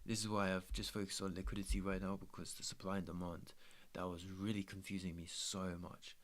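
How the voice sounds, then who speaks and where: A young trader streams his trading while chatting casually in a low, flat, brisk voice. He's laid-back and slangy and swears freely.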